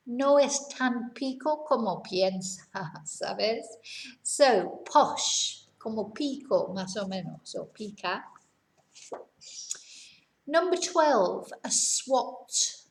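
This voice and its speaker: A woman leads a vocabulary lesson at an unhurried pace. Her voice sits a touch high and she explains each term patiently with examples. The recording has a noticeable roomy echo. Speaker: English teacher.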